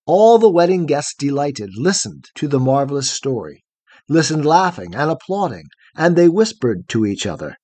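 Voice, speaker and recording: A man narrating a poem in a steady, rhythmic recitation. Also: fairly high pitch, moderate pace, dry recording. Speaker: audiobook narrator. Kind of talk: scripted poetry narration.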